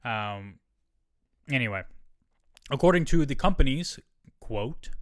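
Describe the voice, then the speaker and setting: A man's voice: mid-range voice, normal speed, a bit bright, clean tone, no room sound. A man hosting a solo podcast, reading news quotes aloud with wry asides into a close mic. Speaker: podcast host.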